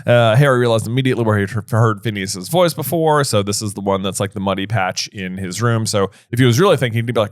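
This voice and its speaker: A man's voice: lowish voice, quick pace, few pauses, dry recording, studio quality. Playful man co-hosting a book podcast. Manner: playful, jokes and acts out characters. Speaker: podcast co-host. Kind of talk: casual book discussion.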